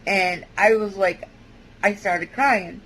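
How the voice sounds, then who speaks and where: A woman vlogger giving a halting, hesitant personal testimony, with many fillers and restarts. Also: mid-range voice, fairly even intonation, fairly bright tone, poor audio.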